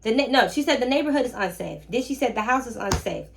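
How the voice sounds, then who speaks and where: A young woman hosting a casual storytime vlog about her rental guests, talking in a sassy, animated way with slangy asides to the viewer. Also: on the high side, fast, gravelly, slight background noise. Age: young adult. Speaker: short-term rental host.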